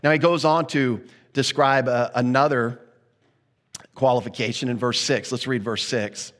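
A man's voice: mid-range voice, fairly even intonation, moderate pace, fairly bright tone, big-room sound. A man preaching a sermon as pastor, earnest and conversational, often restarting his sentences mid-thought.

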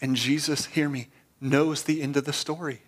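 Brief: male pastor, fairly high voice, earnest sermon delivery that swells into fervent emphasis. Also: fairly even intonation, normal speed. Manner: earnest, building to passionate emphasis with repeated phrases.

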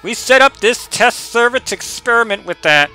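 A man putting on a lofty, high cold overseer. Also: expressive, moderate pace, sharp tone, clean tone, soft background music, heavily acted, low-quality recording. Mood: aloof.

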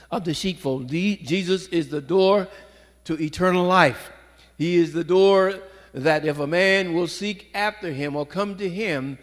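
A man preaching a sermon in a church sanctuary, fervent, with rising exhortations. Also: a little high. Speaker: pastor. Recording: long hall reverb.

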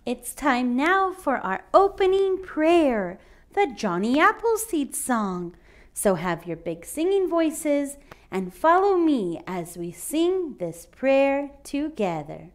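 A woman leading a children's church lesson, reading a storybook in a slow, patient teacher's manner. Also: high-pitched, big pitch swings. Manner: slow, patient, sing-song teacher delivery.

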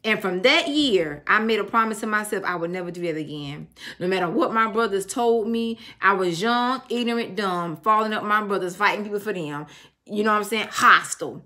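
A woman's voice: medium pitch, fairly quick, sharp tone. A middle-aged woman giving a casual tarot reading, blunt and emphatic, telling stories and swearing freely. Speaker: tarot reader.

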